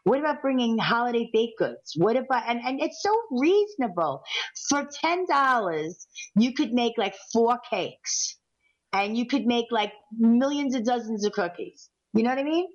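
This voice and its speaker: A woman's voice: a little high, expressive, normal speed. A woman co-hosting a talk radio show, speaking in an enthusiastic and emphatic way. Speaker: radio co-host. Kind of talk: casual radio chat. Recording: slightly dull lo-fi sound.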